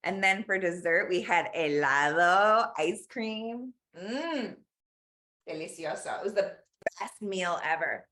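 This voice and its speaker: A woman's voice: lowish voice, takes it slowly, a bit bright. A woman teaching an online cooking class, telling stories and mixing in Spanish words as she cooks. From Los Angeles. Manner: chatty storyteller, mixes in Spanish words. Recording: echoey room.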